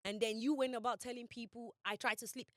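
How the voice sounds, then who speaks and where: A young woman co-hosting a podcast, telling a personal story in casual chat, animated and emphatic, acting out quotes with big swings in her voice. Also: fast talker, dry recording, clean studio sound. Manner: animated, emphatic, quotes herself and others with dramatic pitch swings. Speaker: podcast co-host.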